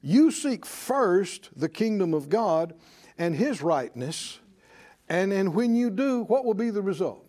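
High-voiced animated male preacher. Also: takes it slowly. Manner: animated, mimics worried voices, asks congregation to respond. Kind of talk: sermon.

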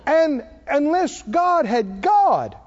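A man's voice: very high voice, very slow, lo-fi sound. An older male pastor preaching a sermon, telling stories with frequent laughs and calling on the congregation to answer back. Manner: animated storytelling, laughing often, calling for congregation responses.

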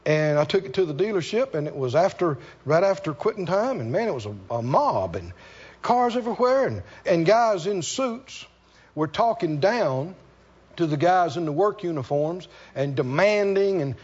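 High-pitched animated preacher man. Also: husky, highs cut off. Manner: storytelling with animated asides and laughter; emphatic, repeats key lines slowly. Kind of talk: sermon.

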